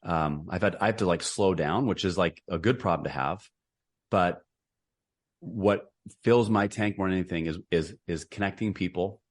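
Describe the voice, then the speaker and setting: Brief: middle-aged man, low voice, earnest podcast guest who rambles and restarts a lot. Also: moderate pace. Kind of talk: casual interview conversation.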